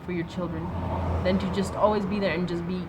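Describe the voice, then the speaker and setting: A woman in her thirties giving an earnest, soft-spoken faith-based advice talk to other mothers. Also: lowish voice, fairly even intonation, a little fast, background noise. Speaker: mom sharing a workshop talk.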